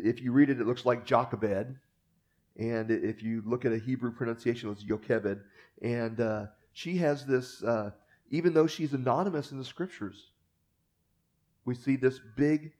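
A man preaching a sermon, earnest, swelling for emphasis and then dropping to a hush. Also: mid-range voice.

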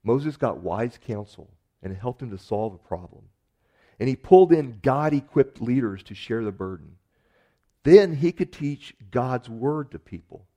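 A man preaching a sermon in an earnest manner, building to emphatic rises and sinking to soft, quiet endings. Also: medium pitch, expressive, unhurried. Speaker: pastor.

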